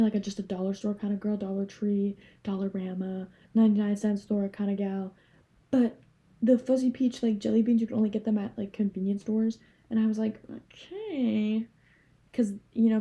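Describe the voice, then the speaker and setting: A young woman from Canada rambling casually to camera, animated and swearing freely. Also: medium pitch, normal speed. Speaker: vlogger.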